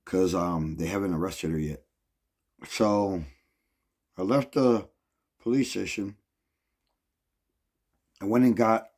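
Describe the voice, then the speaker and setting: A man with a fairly low voice rants to his viewers in an agitated, rambling way, swearing in nearly every sentence. The talk is loose and unscripted, a casual vlog monologue. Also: a little mellow. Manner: profane, agitated, rambling storytelling. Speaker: vlogger.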